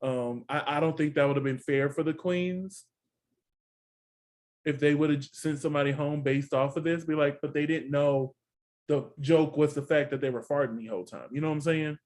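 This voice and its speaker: A man co-hosting a casual review chat, talking in a loose, expressive way with lots of fillers. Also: on the high side, moderate pace. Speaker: co-host reviewing a TV competition show.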